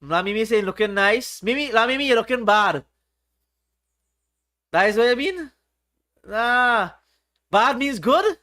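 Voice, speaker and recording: Bright high-voiced man. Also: animated, measured pace, pauses often. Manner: reads chat aloud, playful and teasing. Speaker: livestream host. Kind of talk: casual livestream chat.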